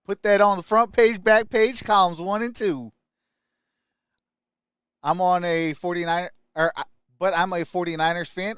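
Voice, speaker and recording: A young adult man from Michigan hosting a casual sports live stream, greeting chat viewers by name with upbeat shout-outs. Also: high-pitched, steady tone, a little slow, long pauses, smooth, no room sound, studio quality.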